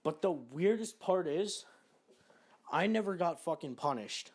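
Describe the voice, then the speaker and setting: A man's voice: on the high side, animated, measured pace, a little mellow. A young man telling a personal story to camera, casual and profane, full of fillers and asides. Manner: profane, rambling, lots of fillers. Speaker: vlogger.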